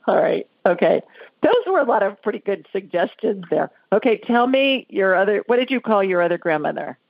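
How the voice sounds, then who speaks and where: Woman, radio psychic host, brisk, laughing, dull lo-fi audio, dry room. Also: mid-range voice, animated, creaky, dry recording. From United States. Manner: brisk, laughs often, relays spirit messages. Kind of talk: call-in radio show.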